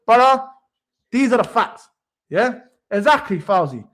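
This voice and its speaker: A man's voice: extremely high pitch, unhurried. A young man, hosting a football livestream and ranting heatedly, swearing and repeating his points. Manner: animated, swearing, repeats phrases for emphasis. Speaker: sports stream host.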